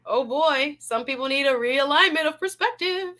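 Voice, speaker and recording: Host: lively woman, high and bright, upbeat and preachy, laughs a lot, talks straight to her live chat. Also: normal speed. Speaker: talk show host. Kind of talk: live-stream chat reading viewer comments.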